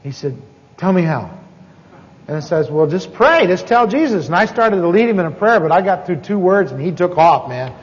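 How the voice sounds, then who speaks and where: A preacher teaching on evangelism tells a folksy, self-deprecating story in his sermon, full of asides and restarts. His high voice has lively intonation and a brisk pace with hardly any pauses, and the sound is dull with long hall reverb.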